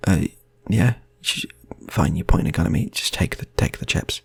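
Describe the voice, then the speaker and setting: A man's voice: deep voice, expressive, moderate pace, gravelly, breathy edge, no echo, full character voice. A man voicing a flustered male casino dealer who hesitates and gives in. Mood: resigned.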